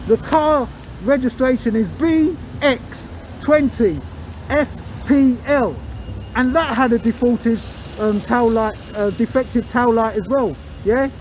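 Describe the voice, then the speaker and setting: A man's voice: very high voice, measured pace, a little mellow, slight background noise, rough recording. Indignant man filming outdoors. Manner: indignant, repeats "yeah?" as a tag, um-filled. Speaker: video auditor and channel host. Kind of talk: filmed street vlog to camera. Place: outdoors by a police station.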